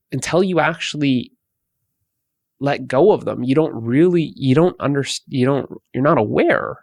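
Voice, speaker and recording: Gravelly, slow-talking male meditation teacher. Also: medium pitch, dry recording. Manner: slow, repetitive, with many restarts. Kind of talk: spoken guidance talk.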